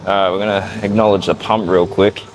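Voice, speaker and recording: A man's voice: sits low, flat delivery, fairly quick, over loud music, poor audio. A man vlogging casually from a gym, chatty and hyped as he talks through his workout. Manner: hyped, chatty, self-amused. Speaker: fitness vlogger. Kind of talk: casual vlog commentary.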